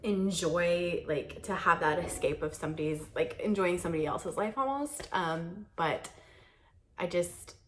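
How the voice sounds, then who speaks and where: A young vlogger chats candidly to her camera on a tripod in a carpeted guest room, rambling and peppering her talk with fillers and laughs. Her fairly low voice is a bit bright and a little slow, with slight background noise.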